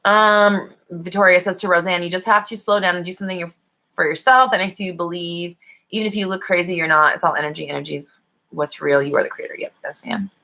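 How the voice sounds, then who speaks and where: Bright-voiced woman hosting a lively chat. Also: fairly low pitch, quick pace. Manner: animated, playful scolding, laughs often, reads comments aloud. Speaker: host of a live manifesting stream. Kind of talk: casual live-stream chat reading comments.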